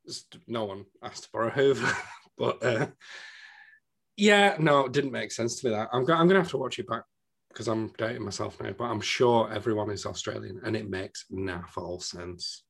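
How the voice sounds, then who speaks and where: Low-voiced English man, casual film podcast co-host, dry wit. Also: normal speed, vocal fry, a bit bright, breathy edge. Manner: dry, joking, British slang. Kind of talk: casual film review chat.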